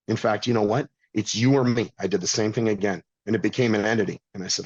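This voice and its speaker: A man's voice: on the low side, steady tone, fast, few pauses, darkish tone, breathy edge, no room sound, lo-fi sound. A middle-aged man telling a blunt, intense personal story as a podcast guest, swearing freely. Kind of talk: candid storytelling.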